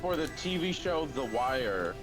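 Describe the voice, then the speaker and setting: Rambling man over loud game music. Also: mid-range voice, sing-song, measured pace, low-quality recording. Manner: rambling storyteller, swears casually. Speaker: streamer. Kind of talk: casual chat during a game stream.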